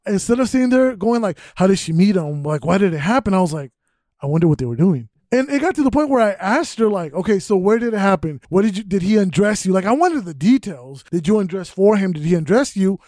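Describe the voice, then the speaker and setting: A young man with a fairly high voice hosts a casual podcast, rambling candidly through personal stories. The sound is dry and close, with no room around it. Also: darkish tone, no echo. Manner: candid, rambling storytelling with frequent fillers. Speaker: podcast host.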